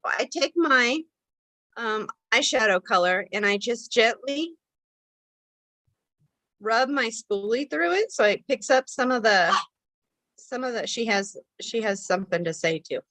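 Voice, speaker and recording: Chatty woman with a bright, higher voice. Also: animated, a little slow, pauses often, no echo, poor audio. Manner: chatty, rambling, lots of fillers and restarts. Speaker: makeup tutorial host. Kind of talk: casual how-to demonstration.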